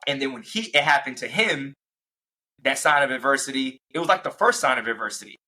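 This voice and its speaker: Young male fighter, guest on an interview; lively storyteller with a bright, forceful tone. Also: medium pitch, a little fast, low-quality recording. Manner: animated, acts out fight moments and quotes. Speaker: professional MMA fighter, guest.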